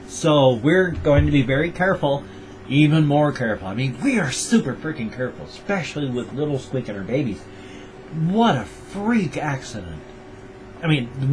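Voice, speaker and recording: A man's voice: medium pitch, a little hiss or hum. Older man rambling tenderly in a vlog. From United States. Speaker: vlogger.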